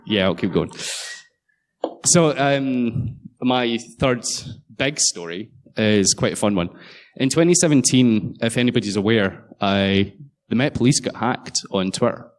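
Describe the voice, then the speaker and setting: A man's voice: mid-range voice, lively intonation, unhurried. A man giving a conference talk, jokey and sarcastic, swearing freely. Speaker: conference speaker. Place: conference hall.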